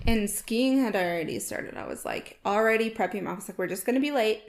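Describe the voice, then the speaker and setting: A woman's voice: mid-range voice, brisk. Chatty mother telling a story. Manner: animated storytelling, acts out quotes. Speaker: podcast co-host. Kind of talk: casual chat.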